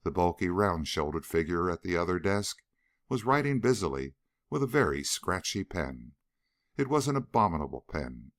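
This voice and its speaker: Guy reading an audiobook, deep voice, lots of pitch movement, dry close sound. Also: big pitch swings, moderate pace, dry recording. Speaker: audiobook narrator. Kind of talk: scripted narration.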